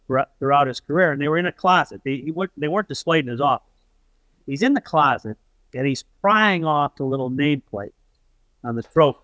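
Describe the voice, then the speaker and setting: Older man, lively storyteller, dry sound. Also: fairly high pitch, no room sound, low-quality recording. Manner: animated storyteller, acting out quoted voices. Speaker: interview guest. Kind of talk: storytelling interview.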